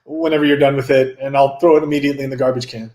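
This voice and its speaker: A man's voice: medium pitch, steady tone, very fast, a little mellow, reverberant, pitched below the performer's own voice, lightly acted. A man voicing a harried newspaper editor who stammers when exasperated.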